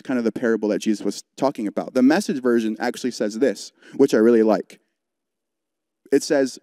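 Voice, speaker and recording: A man's voice: mid-range voice, brisk, mellow, no room sound, studio quality. A young man, a youth pastor, preaching an earnest, conversational sermon through a personal story, with frequent "like" fillers. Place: church service broadcast.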